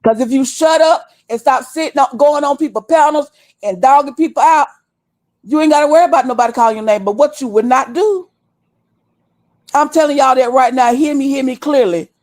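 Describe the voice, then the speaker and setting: A woman's voice: high voice, fairly quick, darkish tone. A woman over thirty-five, host of a livestream, scolding her viewers bluntly and with a lot of cursing. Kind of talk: heated livestream rant. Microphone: desktop stream mic.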